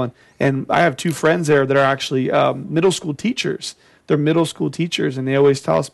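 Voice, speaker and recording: A man hosting an interview, talking in a halting way with many fillers and restarts. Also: a little high, steady tone, gravelly. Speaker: host. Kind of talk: casual interview chat.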